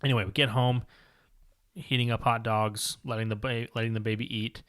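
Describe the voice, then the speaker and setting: Flat-voiced man recapping a comic. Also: medium pitch, a little fast. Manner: long-winded, rambling with fillers. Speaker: podcast co-host. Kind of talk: casual comic book discussion, reading panels aloud.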